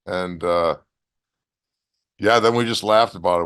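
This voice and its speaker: Low-voiced man telling blunt war stories. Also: moderate pace. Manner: animated storytelling with blunt profanity. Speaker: guest, former wrestler. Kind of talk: casual storytelling interview.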